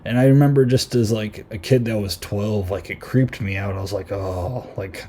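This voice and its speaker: A man with a lowish, mellow voice talks through a film in a casual podcast review. He rambles loosely, piles on fillers, and retells scenes and lines as he goes. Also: moderate pace, hardly any pauses, a little hiss or hum. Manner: rambling, many fillers and retold quotes. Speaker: podcast host.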